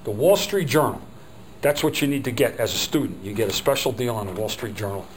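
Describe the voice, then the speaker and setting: A man's voice: mid-range voice, brisk, slight background noise, low-quality recording. A middle-aged man teaching a phone skills workshop, talking in a chatty, rambling way and acting out little quotes.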